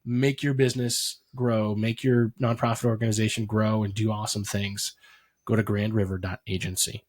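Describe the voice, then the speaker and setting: A man co-hosting a marketing podcast, chatting casually with quick asides and frequent restarts. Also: on the low side, little pitch movement. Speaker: podcast co-host.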